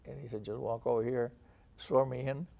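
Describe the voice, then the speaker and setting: A man's voice: mid-range voice, steady tone, normal speed, gravelly, mellow. An older man from Texas recounting his past in an oral history interview, acting out the dialogue he quotes. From San Antonio, Texas. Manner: storytelling, acts out quoted dialogue. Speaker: veteran interviewee.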